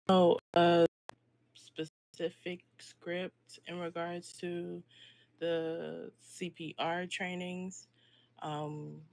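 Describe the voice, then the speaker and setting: Slow, even-toned man explaining procedure. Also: fairly high pitch. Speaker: training lead in an online meeting.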